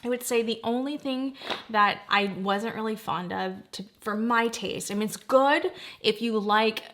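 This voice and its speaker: A woman's voice: fairly high pitch, a little slow, a bit bright, slight background noise. A woman in her forties reviewing makeup in a casual, gushing way, often exclaiming in delight. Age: 40s. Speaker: beauty vlogger.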